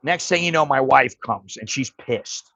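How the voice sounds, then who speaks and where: A man's voice: mid-range voice, a little slow, pushed and bright, dry recording, muffled recording. A man hosting a livestream, telling a story in a blunt, profane, casual way. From United States. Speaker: livestream host.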